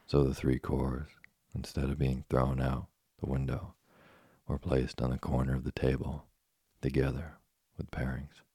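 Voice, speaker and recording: A man reading a children's book aloud in a steady, plain way. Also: extremely low pitch, a little slow, husky, dry recording, studio quality. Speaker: storyteller.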